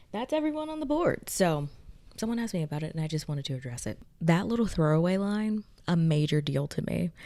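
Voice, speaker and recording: A young woman casually recapping and reviewing a TV episode, excitable and chatty with many fillers. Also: low-pitched. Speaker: pop culture video essayist.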